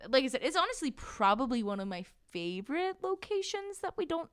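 A woman's voice: high voice, big pitch swings, a little fast, fairly bright tone, dry recording, studio quality. A woman co-hosting a podcast, chatting casually about a book and often laughing and acting out quotes. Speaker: podcast co-host.

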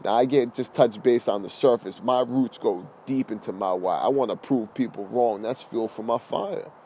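A man who is a health and fitness coach, giving a blunt, slangy motivational podcast talk. He repeats key phrases and swings between loud bursts and calm, low talk. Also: normal speed, slight background noise.

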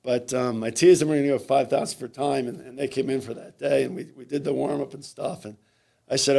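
A man, a swim coach, telling stories in an interview, halting and repeating words as he goes. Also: medium pitch, gravelly, a little mellow. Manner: halting, repeats words, acts out quoted lines. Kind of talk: conversational interview storytelling.

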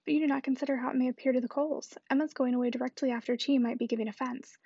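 A woman reading the lines of an earnest, persuasive middle-aged gentleman. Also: high-pitched, fairly even intonation, very fast, vocal fry, husky, no echo, lo-fi sound, heavily acted.

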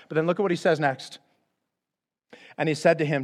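A man's voice: on the high side, brisk, pauses often. A man preaching a conversational sermon as pastor, acting out the speakers in the Bible stories.

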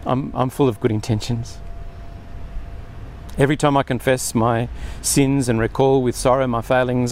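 A man's voice: medium pitch, fairly even intonation, moderate pace, a little mellow, a little hiss or hum. A man preaching a sermon in an earnest way, often acting out quoted speech with more emphasis.

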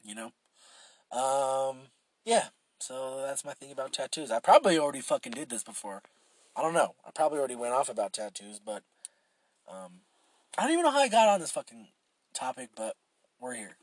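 A man's voice: medium pitch, very animated, a little fast, long pauses, no echo. A young man hosting a solo podcast, rambling casually with lots of swearing and filler words. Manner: rambling and profane, with frequent fillers and restarts. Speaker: podcast host.

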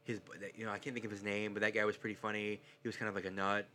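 A man's voice: fairly low pitch, flat delivery, very fast, pushed and bright, a little hiss or hum. A man co-hosting a podcast in casual, profane chat, laid-back and saying dude a lot. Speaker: podcast co-host.

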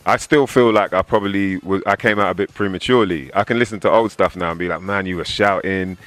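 A man's voice: deep voice, quick pace, no room sound. A man in his thirties with an English accent, a rapper talking casually in an interview and acting out the voices of people he quotes. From England. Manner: animated storyteller, acts out quoted voices.

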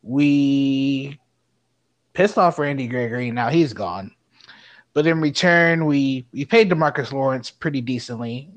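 A man in his late twenties co-hosts a casual sports podcast, his mid-range voice unhurried and the audio dull. He rants with heavy profanity, growing angrier as he goes.

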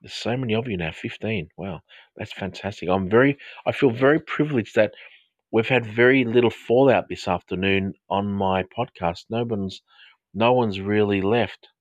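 A man's voice: fairly low pitch, moderate pace, dry recording. An Australian man hosting a live podcast, chatting straight to his listeners. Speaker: podcast host and counsellor.

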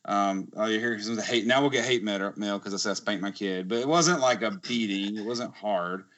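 A young man, co-hosting a podcast and telling family stories in a casual, animated way, laughing often. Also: fairly low pitch, brisk. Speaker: podcast co-host. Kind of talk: casual chat, anecdote. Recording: slightly muffled lo-fi podcast audio.

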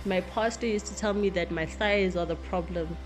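A woman performing an impassioned spoken-word monologue, fiery and profane, moving between raised outbursts and low, bitter confession. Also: steady tone, normal speed, faint music behind. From South Africa.

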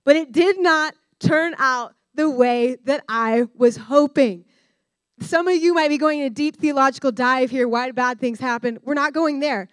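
A young adult woman giving a candid, animated personal-story sermon to students as a guest speaker. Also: sits high, moderate pace, no echo. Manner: candid, animated storyteller who addresses the room directly. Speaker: guest speaker at a discipleship school.

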